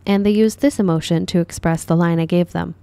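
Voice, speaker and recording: Woman teacher talking thru a drama class, calm and measured, lowish mellow voice, dry booth sound. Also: creaky, smooth, no room sound. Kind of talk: dubbed classroom explanation.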